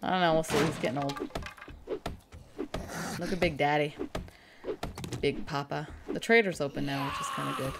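Low gravelly-voiced woman streaming a game. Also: steady tone, moderate pace, pauses often, very noisy. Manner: chatty, crude joking, talks to chat. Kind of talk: casual live-stream commentary.

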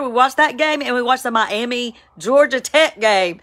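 A woman, giving a casual, emphatic spoken devotional, with sudden excited high cries. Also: moderate pace. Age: 50s. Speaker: Christian devotional vlogger. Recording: home, with a siren outside.

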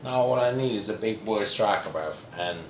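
Excitable swearing young gamer. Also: male voice, on the low side, normal speed, noisy background. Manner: excitable, swears a lot, shouts at players. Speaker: gaming YouTuber. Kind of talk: casual gameplay commentary. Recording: roomy with loud game audio behind. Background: game commentary and crowd ambience.

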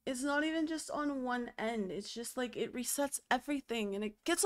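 A woman's voice: a little high, normal speed, few pauses. A young adult woman streaming a game, ranting in exasperation and swearing often in casual chat. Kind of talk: casual live-stream venting.

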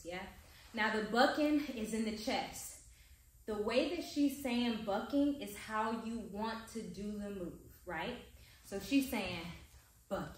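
A woman teaching a dance in a large studio, upbeat and checking in with her students. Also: fairly high pitch. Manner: upbeat, coaching with frequent check-ins. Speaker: dance instructor. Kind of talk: dance tutorial. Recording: echoey studio from far off.

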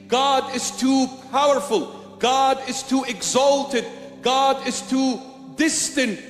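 A man's voice: extremely high pitch, a bit bright. A man preaching a sermon as a bishop in a church, emphatic and repetitive in his rhetoric. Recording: echoey church hall with faint music.

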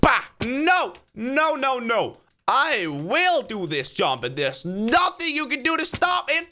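A man narrating a game session in a loose, chatty way, talking to himself as he goes. His voice is bright and forward, and it swings widely up and down. Now and then it jumps into loud yelps of frustration or triumph. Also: very high voice, slow, few pauses. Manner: excitable, talks to himself and cheers himself on; sudden loud outbursts of frustration and joy. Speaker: gaming video creator. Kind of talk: casual let's-play commentary.

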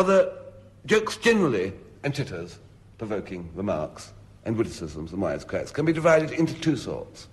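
A man on an archival radio comedy panel, delivering a humorous talk on jokes in a lively anecdotal storytelling style. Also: fairly low pitch. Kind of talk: humorous lecture with told jokes. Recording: archival broadcast recording.

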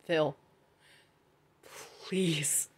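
A woman's voice: low voice, steady tone, very slow, breathy edge. A young woman giving casual gameplay commentary, chatty, swearing freely and talking to the game characters. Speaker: gaming vlogger.

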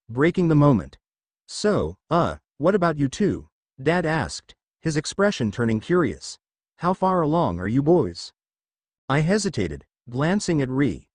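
A man's voice: on the high side, no echo. A man reading a fan fiction story aloud in an audiobook style, giving the characters small voice shifts.

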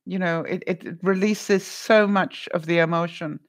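A middle-aged woman hosts a casual live stream, chatting straight to her viewers. She talks warmly and easily, stumbling over repeated words and laughing now and then, and she gives gentle, comforting advice. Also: fairly low pitch, fairly even intonation, normal speed. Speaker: vlogger answering live chat.

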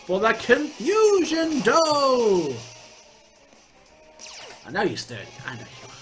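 Young man, let's play commentary, high bright voice, profane excitable outbursts, faint game music behind. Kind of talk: gameplay commentary.

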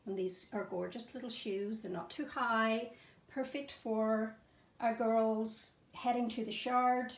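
Gushing woman with a gravelly voice. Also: on the high side, steady tone, slow pace, echoey room. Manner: gushing, enthusiastic, lots of fillers. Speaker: fashion and fragrance vlogger. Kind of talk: casual show-and-tell vlog. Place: bedroom at home.

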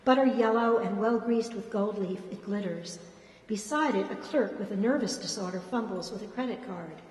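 A woman author reads her fiction aloud with expressive, dramatic delivery. The voice rings with a roomy echo and a long hall reverb. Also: medium pitch, moderate pace.

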